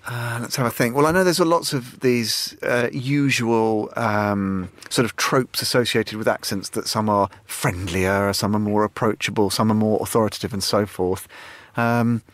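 A man's voice: fairly low pitch, fairly even intonation, normal speed, fairly bright tone, no room sound. A man from Essex, a guest trading teasing, sardonic banter. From Essex, England.

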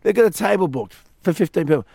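Australian male radio host, animated storyteller, dry close mic. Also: high voice, fast, vocal fry, husky, no echo. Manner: animated storyteller, acts out quotes. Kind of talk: storytelling on a talk radio show.

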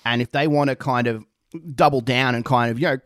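A young Australian man co-hosting a casual podcast, animated and laughing, with plenty of swearing. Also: medium pitch, fairly quick, smooth, no echo, clean studio sound. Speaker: podcast co-host. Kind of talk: casual chat.

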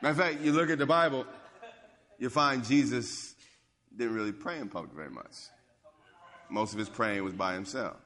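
A man preaching a sermon as a pastor, swinging from low, quiet passages up to loud, emphatic calls. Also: moderate pace, long pauses. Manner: animated preaching, rising to near-shouts and dropping low. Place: church sanctuary. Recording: long hall reverb.

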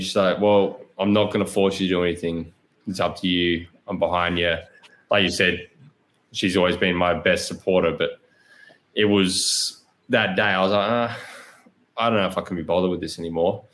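An Australian man in his thirties speaks in a fairly low voice as a podcast guest. He tells his story bluntly and candidly, with plenty of swearing and frequent laughter. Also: a bit bright. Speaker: guest, pro cyclist. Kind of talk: casual podcast chat.

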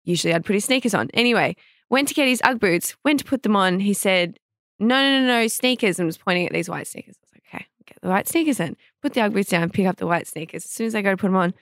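A woman's voice: mid-range voice, racing, fairly bright tone, dry recording, clean studio sound. A young woman hosting a podcast, telling a funny story in casual chat with frequent laughs. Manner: chatty storyteller, laughs often, acts out quotes. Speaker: podcast host.

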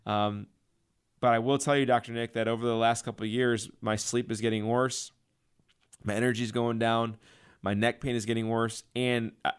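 A man hosting a health radio show, telling a patient's story and pitching his clinic with passion. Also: clean tone. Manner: enthusiastic, passionate sales pitch. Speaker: radio show host and chiropractor.

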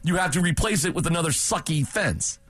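A man co-hosting a sports radio show, joking loudly and teasing his co-hosts in animated banter. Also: fairly high pitch, fairly quick, soft background music. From Massachusetts. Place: radio studio.

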